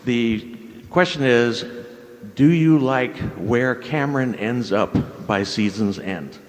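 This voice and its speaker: A man in the audience asking the panel a question in a formal, drawn-out, halting way. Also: medium pitch, long reverb tail, rough recording.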